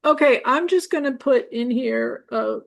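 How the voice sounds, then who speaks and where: A woman's voice: sits high, creaky. A woman facilitating a casual book discussion group, keeping the time and wrapping up the meeting. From New Orleans area. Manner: brisk, keeps time, reads aloud.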